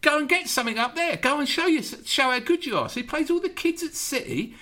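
A man's voice: extremely high pitch, lively intonation, fairly quick, bright, forceful tone. A man hosting a football podcast, ranting in exasperation with sarcastic rhetorical questions. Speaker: podcast host. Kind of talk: casual football chat.

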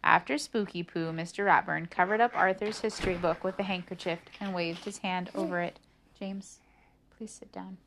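A woman reading a children's picture book aloud with an animated delivery, lifting her voice for the characters' lines. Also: lowish voice, a little fast, hardly any pauses, a little hiss or hum. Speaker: storybook reader.

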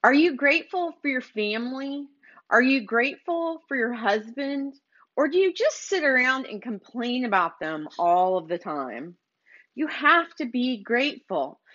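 A woman's voice: a little high, bright, forceful tone. A woman hosting a motivational business podcast, urging listeners in a preachy, repetitive way. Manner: preachy, urging, repeats phrases. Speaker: podcast host. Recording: slightly dull lo-fi recording.

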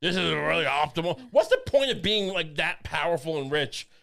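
A man's voice: fairly high pitch, big pitch swings, normal speed, vocal fry, a bit bright. A man co-hosting a podcast in casual chat, rambling and joking with crude asides and frequent restarts. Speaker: podcast co-host.

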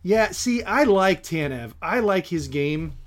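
A man co-hosting a hockey podcast in casual chat, measured and steering the conversation along. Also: high-pitched, animated. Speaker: podcast co-host.

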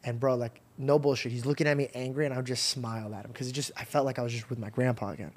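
A man hosting a podcast, telling stories in a lively, animated way with casual swearing. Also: medium pitch, fast talker. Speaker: podcast host. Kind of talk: casual chat.

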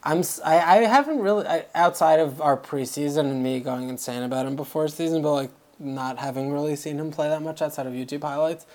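A man's voice: fairly high pitch, fairly quick, hardly any pauses, darkish tone. A man co-hosting a casual podcast, rambling and hedging as he works through his opinions. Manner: rambling, hedging with fillers and restarts. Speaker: podcast co-host. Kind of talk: casual chat.

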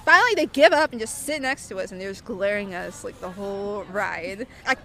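A young woman in her twenties being interviewed and telling a story casually, animated and full of "like" fillers. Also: mid-range voice, a little fast, hardly any pauses.

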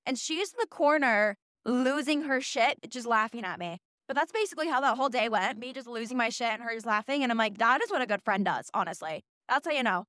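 A young woman in her early twenties with a high voice recounts her week as a podcast host. She talks in an animated, profane way and often makes fun of herself. The recording is dry and close. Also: brisk, hardly any pauses, no echo. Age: early 20s. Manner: animated, profane, self-mocking. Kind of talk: casual storytelling monologue.

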